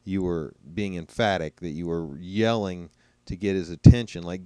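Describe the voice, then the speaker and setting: A man's voice: deep voice, normal speed, dark tone, no echo. A man giving casual spoken commentary over replayed clips, musing and now and then mocking what he hears. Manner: conversational, musing, mocking imitations. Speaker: commentator reacting to trial footage.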